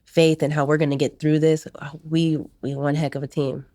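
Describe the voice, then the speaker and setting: A woman's voice: sits low, level tone, normal speed, dark tone, dry recording, studio quality. A woman, a podcast guest, casually telling her life story in a candid interview and acting out what others said.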